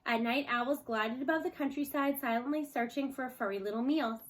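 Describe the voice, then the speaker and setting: A woman reading a children's novel aloud expressively, slowing for chapter titles. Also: high-pitched. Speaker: storyteller.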